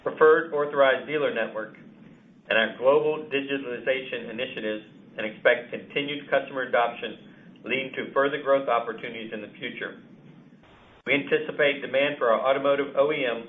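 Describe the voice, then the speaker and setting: Ceo guy reading a script on an earnings call, calm and formal, thin phone audio. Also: mid-range voice, a little fast. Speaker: company chief executive. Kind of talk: prepared remarks on an earnings call. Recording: tinny phone line.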